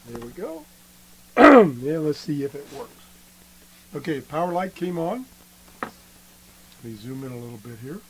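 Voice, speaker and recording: A man slowly demonstrating an old radio, halting often and clearing his throat, his voice worn from being sick. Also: on the high side, very animated, low-quality recording. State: losing his voice after illness. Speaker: radio hobbyist video host. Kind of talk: casual show-and-tell demo.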